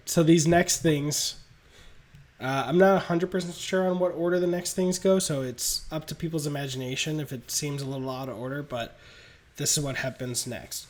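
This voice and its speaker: A man hosting a podcast, pitching a movie plot scene by scene in an animated, laugh-filled way. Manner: animated storytelling, laughs between beats. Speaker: podcast host. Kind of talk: casual movie pitch narration.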